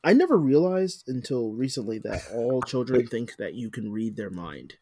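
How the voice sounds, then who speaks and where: A man from the United States, a podcast co-host, talking in casual chat with a halting, stammering delivery. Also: mid-range voice, sing-song, dark tone, no room sound, clean studio sound.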